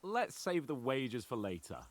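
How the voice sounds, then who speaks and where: A man's voice: medium pitch, sing-song, moderate pace, lightly acted. An actor playing a cocky young nobleman in a video game, teasing and commanding his sparring partner. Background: game music.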